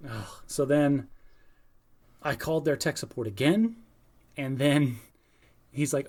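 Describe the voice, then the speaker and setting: A middle-aged man in a relaxed podcast chat, telling stories with gusto. His voice sits in an ordinary middle pitch, and he slips into quick little impressions of the people on the other end of the phone. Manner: animated storyteller, acts out phone calls. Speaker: podcast co-host. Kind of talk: casual chat.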